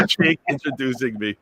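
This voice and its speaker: A man hosting a casual live-stream chat, telling stories with energy and swearing freely. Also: mid-range voice. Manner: animated storyteller, swears freely. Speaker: show host.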